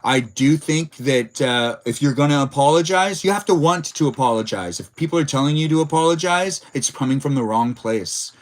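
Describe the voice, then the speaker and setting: A man's voice: fairly high pitch, lively intonation, moderate pace, few pauses. Male streamer, casual stream host, rambling and filler-heavy, reacts to chat. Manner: rambling, many filler words; reads and answers chat messages. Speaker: livestream host.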